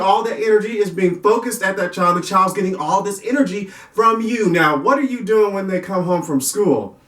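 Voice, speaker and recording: Higher-voiced man giving a folksy faith talk. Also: normal speed, hardly any pauses, a bit bright. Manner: folksy, repetitive, restarts and chuckles. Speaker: Christian parenting speaker. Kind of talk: casual faith-based talk. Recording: roomy echo, distant mic.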